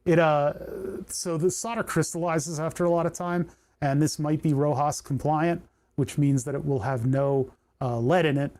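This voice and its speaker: A man's voice: fairly high pitch, steady tone, normal speed, a little mellow. A man chatting casually on a livestream while he solders, thinking aloud and talking to the parts in his hands. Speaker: electronics livestreamer.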